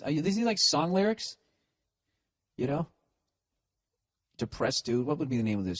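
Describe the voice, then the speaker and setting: A man's voice: mid-range voice, lively intonation, fairly quick. A middle-aged man with a Boston accent, hosting a comedy podcast and giving sarcastic, profane, rambling advice full of restarts.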